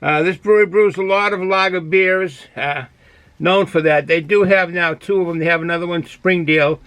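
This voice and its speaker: A man's voice: high voice, normal speed, fairly bright tone, no echo, rough recording. A man with a Boston accent casually reviewing a beer, rambling with many fillers and restarts.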